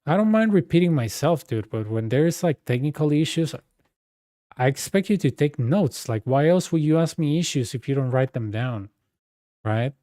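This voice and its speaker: Mellow-voiced man, ranting and exasperated. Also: fairly high pitch, lively intonation, normal speed, no room sound, studio quality. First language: Spanish. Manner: swearing, heated. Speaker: streamer. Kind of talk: casual chat.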